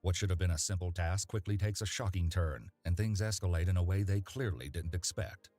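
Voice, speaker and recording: A man reading scripted documentary narration in a measured, dramatic way. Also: deep voice, mellow, faint music behind.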